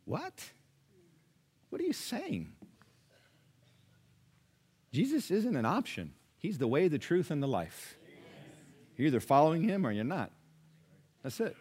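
A man preaching a sermon, conversational and dynamic, swinging between loud emphatic lines and hushed asides while acting out listeners' replies. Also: on the high side, big pitch swings, moderate pace, breathy edge. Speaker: pastor.

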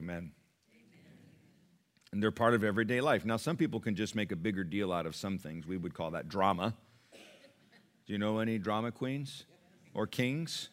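Middle-aged pastor, lower-pitched man, preaches with big swings from hushed to loud; emphatic sermon delivery. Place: church.

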